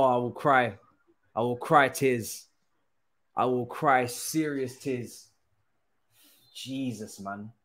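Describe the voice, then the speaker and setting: A young man, commentating his own football game live, groaning, swearing and now and then cheering loudly. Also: medium pitch, reverberant. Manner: exasperated, groaning and swearing, swinging to loud cheers. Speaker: gaming streamer.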